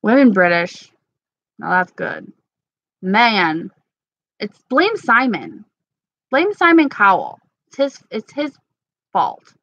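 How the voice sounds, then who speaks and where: A woman's voice: medium pitch, big pitch swings, slow, pauses often, a bit bright, no echo, lo-fi sound. A woman casually chatting with her viewers, playful and gossipy, laughing often. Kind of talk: casual chat reading live comments.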